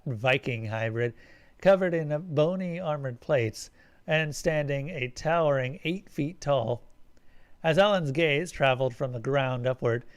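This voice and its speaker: A man reading a science-fiction story aloud on a live stream, catching his slips and correcting himself as he goes. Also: mid-range voice. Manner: reads with slips and self-corrections.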